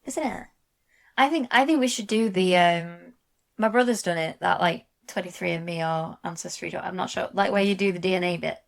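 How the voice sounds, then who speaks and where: A woman's voice: on the low side, vocal fry. Eager female podcast co-host. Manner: eager, quick to self-correct. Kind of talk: casual chat.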